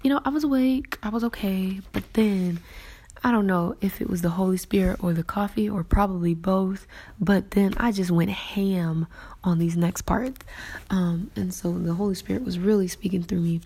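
A woman giving a casual devotional talk about her journaling, earnest and reflective, often dropping into a soft whisper. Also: mid-range voice, moderate pace, husky. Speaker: faith vlogger sharing her journaling.

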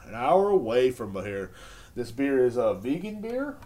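Man, solo podcast host, profane and sarcastic, voice swings high and low. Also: very animated, unhurried, a little mellow. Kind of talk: casual solo podcast rant.

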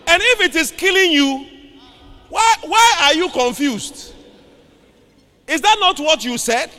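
High-voiced preacher man in echoing hall. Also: expressive, slow. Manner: preaching with call-and-response to the congregation; shouting emphatic lines. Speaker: pastor. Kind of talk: sermon. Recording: long hall reverb.

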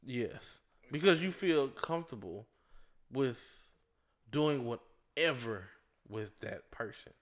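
A man in casual conversation, talking bluntly and with lots of energy. He keeps cutting in with repeated words to take the floor, and his voice sits at an ordinary middle pitch. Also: animated, slow pace. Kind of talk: casual chat.

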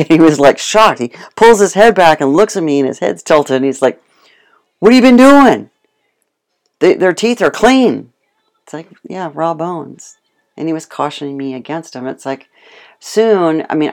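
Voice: medium pitch, vocal fry. A guest in casual chat who tells stories with animation, laughs often and acts out what other people said. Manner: animated storytelling, acts out quotes. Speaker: guest speaking on homemade dog food.

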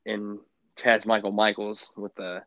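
A man co-hosting a sports podcast in casual chat, rambling with lots of halting restarts. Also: fairly low pitch, completely flat delivery, a bit bright, no room sound. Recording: dull, muffled lo-fi sound.

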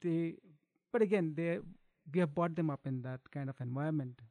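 A man's voice: a little high, brisk, warm tone, no echo. A middle-aged man, a chef, chatting casually in an interview, laughing often and restarting his phrases. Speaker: chef and food business owner.

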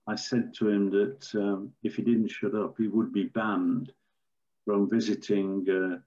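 An older man, a former referee, telling stories in a measured, storytelling way with some fillers. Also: on the low side, dark tone, lo-fi sound. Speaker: former football referee, podcast guest. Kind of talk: anecdotal interview answers.

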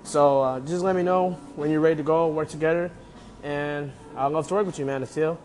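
A man's voice: on the high side, steady tone, brisk, a little mellow, slight background noise. A man leaving a casual, friendly video message full of bro-talk. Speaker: fan sending a video message.

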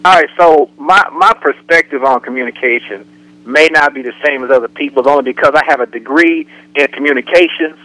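A man's voice: a little high, brisk, rough recording. A man co-hosting a casual radio talk show, telling jokes and acting out the way people talk. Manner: joking storyteller, animated impressions.

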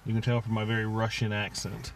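A man with a fairly low voice chats loosely on a homemade podcast. He rambles, jokes at his own expense and lets sentences trail off. A faint hiss runs under the lo-fi recording. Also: monotone, fast talker. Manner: rambling, self-mocking, trailing off. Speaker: podcast co-host. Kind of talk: casual chat.

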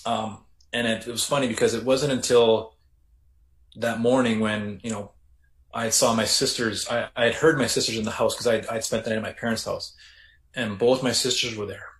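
A Canadian man, a former correctional officer, recounting his story in a reflective, halting way with many restarts. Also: lowish voice, steady tone. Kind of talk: casual storytelling interview. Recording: roomy echo.

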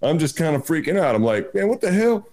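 A man co-hosting a casual chat, loud, incredulous and profane, his voice jumping up when he is outraged. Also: a little high, sing-song, a little fast.

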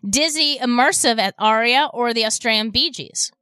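A woman hosts a radio shopping show, repeating prices and taking calls in upbeat sales patter. Her voice is very bright and a little high. It is recorded dry and close on a studio mic. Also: normal speed, clear, resonant tone, no echo. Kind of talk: radio sales pitch and call-in chat.

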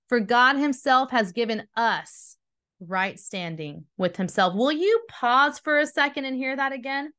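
A woman with a slightly high voice gives a devotional Bible teaching. She is earnest and emphatic and speaks straight to her listeners. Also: animated, measured pace, pushed and bright. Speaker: podcast host and Bible teacher.

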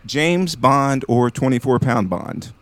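A man hosting a podcast interview, playful as he quizzes his guest with quick either-or questions. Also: mid-range voice, expressive, fairly bright tone. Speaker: podcast host.

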